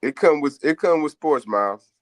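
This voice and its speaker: A man's voice: fairly high pitch, expressive, moderate pace, no echo. A man co-hosting a sports radio show, chatting casually in a slangy, rambling way. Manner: laid-back, slangy, rambling delivery.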